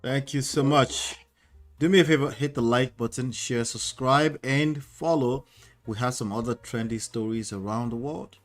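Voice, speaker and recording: A man's voice: medium pitch, normal speed, soft background music. A man co-hosting a news show, upbeat and chatty as he runs the intros and sign-offs.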